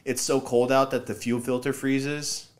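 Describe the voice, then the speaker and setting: A man telling a story in casual podcast chat, acting out shouted lines with energy. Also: mid-range voice, moderate pace. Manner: animated, loud when acting out shouted lines.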